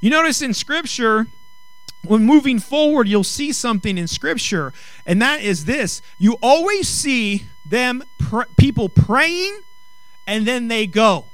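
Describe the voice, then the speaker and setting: A man preaching a sermon, emphatic, rising to loud, drawn-out phrases on key lines. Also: very high voice, expressive, no room sound.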